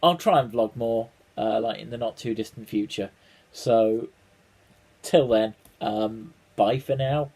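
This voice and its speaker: A man's voice: fairly low pitch, measured pace, a little mellow, breathy edge. A man chatting casually to camera as a vlogger. He rambles wryly, with many ums, restarts and the odd swear word. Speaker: vlogger reacting to a trailer.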